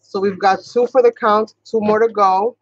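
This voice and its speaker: A woman's voice: mid-range voice, fairly even intonation, no echo, dull audio. Chatty woman with a Boston-sounding accent. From New York. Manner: chatty, rambling, talks fast at times. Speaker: craft channel host. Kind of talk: casual craft tutorial livestream.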